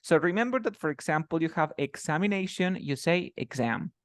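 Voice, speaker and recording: A man's voice: fairly high pitch, expressive, fairly quick, no echo, studio quality. A man whose first language is Spanish, teaching an English lesson in a casual style and explaining with many examples and repetitions.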